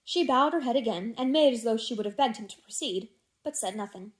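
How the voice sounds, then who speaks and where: Woman, audiobook narration, classic novel, measured expressive reading, fairly high voice.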